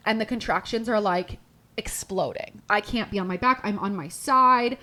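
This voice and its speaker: A woman hosting a podcast, telling a personal story in a chatty, animated way, full of "like" and acted-out quotes. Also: mid-range voice, normal speed. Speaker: podcast host.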